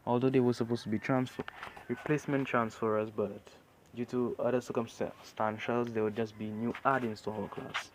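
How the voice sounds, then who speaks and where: A man's voice: mid-range voice, level tone, moderate pace, noisy background, lightly acted. A man voicing a tired, matter-of-fact male homeroom teacher in an amateur spoken story. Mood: flat.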